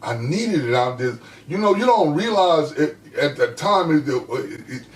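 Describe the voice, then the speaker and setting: A man shares a personal story in relaxed podcast chat. He is emphatic and heartfelt, his voice rising and dropping low as he talks. He sits back from the mic in an echoey room. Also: measured pace, far from the mic. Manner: heartfelt, emphatic, swings between loud and hushed. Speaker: podcast co-host.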